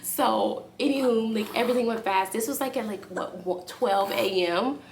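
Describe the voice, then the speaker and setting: A woman's voice: on the high side, normal speed, gravelly, a little hiss or hum. Chatty young woman telling a vlog story. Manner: animated, acts out quotes in a raised voice; speaks softly aside to her baby. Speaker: vlogger. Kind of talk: casual storytelling to camera.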